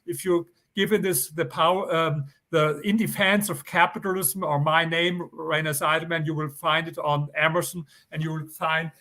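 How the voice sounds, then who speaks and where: A man's voice: fairly high pitch, steady tone, normal speed, hardly any pauses, sharp tone. An older man with a German accent, a guest author giving earnest, insistent interview answers and repeating his points.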